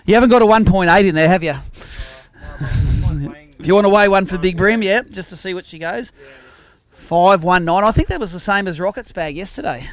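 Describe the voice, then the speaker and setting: A man's voice: high-pitched, fairly quick, pauses often. An Australian man hosting a live fishing tournament weigh-in, joking and chatting with the anglers as they weigh their fish. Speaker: tournament host.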